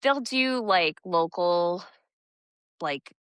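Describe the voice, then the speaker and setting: A woman co-hosting a podcast in casual chat, relaxed and agreeable, quick to laugh. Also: lowish voice, smooth, dry recording, clean studio sound. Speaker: podcast co-host.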